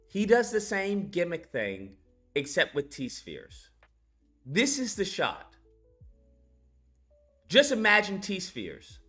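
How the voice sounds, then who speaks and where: A man reviewing a film in a casual rant, animated and profane, laughing as he recaps scenes. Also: sits high.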